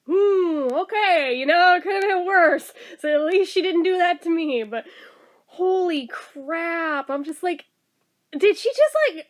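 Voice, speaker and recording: A young woman vlogging a story in casual chat, excited and swearing freely as she quotes herself and her coworker. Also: sits high.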